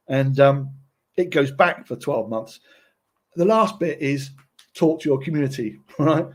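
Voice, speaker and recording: A man's voice: a little high, a little mellow. A man presenting a casual tutorial, chatty and often checking in with his listeners.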